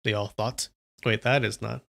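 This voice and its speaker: A man's voice: on the low side, fairly even intonation, normal speed, vocal fry, a bit bright. A man reading a novel aloud on a live stream, with casual, chatty asides.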